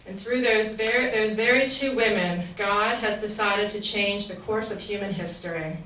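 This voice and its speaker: A woman's voice: mid-range voice, moderate pace, pushed and bright, a little hiss or hum. A woman giving an earnest, reflective faith talk in a sermon style, often posing rhetorical questions. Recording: very echoey, distant mic with faint ambience.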